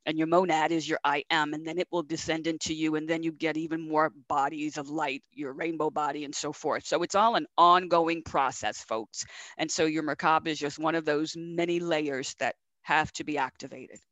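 A woman's voice: deep voice, steady tone, normal speed, a bit bright, dry recording. Dry-voiced woman spiritual teacher, rhythmic. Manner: rhythmic, repeats words, laughs often.

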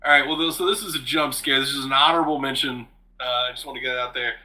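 A man co-hosting a casual podcast chat, telling a story with animated energy, swearing freely and laughing often. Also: medium pitch, fast talker, low-quality recording. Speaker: podcast co-host.

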